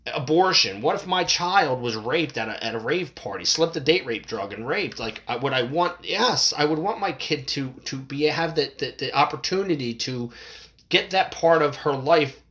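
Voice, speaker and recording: An adult parent delivering a heated, profane opinion rant to camera, voice jumping higher when worked up. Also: expressive, moderate pace, fairly bright tone.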